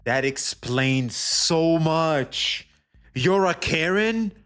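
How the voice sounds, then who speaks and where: A man's voice: fairly high pitch, animated, drawn-out words, fairly bright tone, soft background music. A man reacting to a clip and talking to his chat, dry and mocking. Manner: sarcastic, mocking. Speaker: commentary YouTuber. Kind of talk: reaction commentary.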